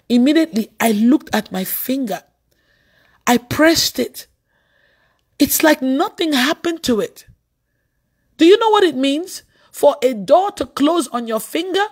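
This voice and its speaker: A woman preacher gives a lively sermon, slipping into a storytelling tone. Her voice sits a little high. She breaks into laughter and sudden exclaimed shouts as she tells her stories. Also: measured pace, slightly rough.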